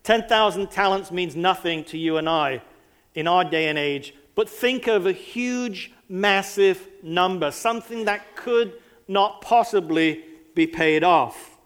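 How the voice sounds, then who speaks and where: High-voiced man preaching a sermon. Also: a little slow, fairly bright tone, clear, resonant tone. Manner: conversational, asks the listeners rhetorical questions.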